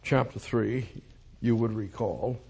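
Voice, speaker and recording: A man preaching an expository sermon, emphatic, repeating phrases and swinging from loud declarations to quiet asides. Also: fairly low pitch, takes it slowly, slightly rough.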